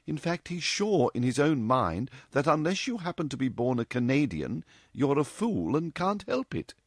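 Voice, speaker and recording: A man voicing a lively, outspoken young woman who teases and chatters playfully. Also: mid-range voice, moderate pace, no echo, studio quality, pitched above the performer's own voice. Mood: teasing. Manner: chattering, playful, mock-dramatic.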